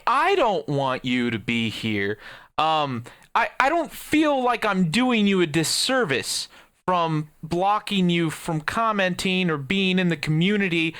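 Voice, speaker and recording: High, lively young man ranting. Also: no echo, clean studio sound. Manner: heated, swearing, mocking quoted commenters. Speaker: YouTuber ranting at viewers. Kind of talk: profane casual rant.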